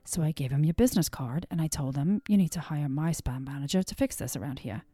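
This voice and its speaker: A woman voicing a chipper, peppy female boss in a put-on Long Island accent, gushing with excitement. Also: sits low, fast talker, breathy edge, no room sound. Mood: excited. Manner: excited and squealing.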